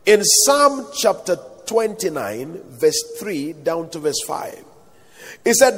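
A man's voice: high-pitched, very animated, slow pace, slightly rough, long reverb tail. A man preaching a sermon with rising emphasis, calling on the congregation to answer.

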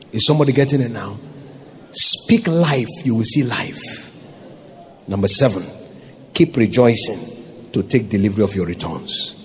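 A man's voice: mid-range voice, slight background noise. A Nigerian man preaching a sermon as pastor, emphatic and calling out to his congregation for responses.

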